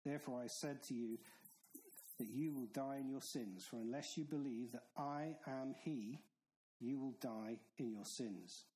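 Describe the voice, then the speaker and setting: A man's voice: medium pitch, measured pace, warm tone, low-quality recording. A man preaching a sermon in an earnest, stern manner, with emphatic repetition. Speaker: pastor.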